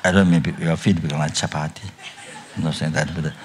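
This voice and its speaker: An older man giving a Buddhist dharma talk at a retreat, speaking haltingly with many restarts and trailing phrases, often coughing and clearing his throat. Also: very deep voice, fairly even intonation, slight background noise. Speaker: Buddhist teacher.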